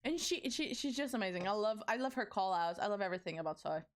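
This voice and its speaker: Speaking fast at a medium pitch with lively intonation, a young woman livestreamer banters casually with her audience. She's bubbly and giggly, and she curses freely.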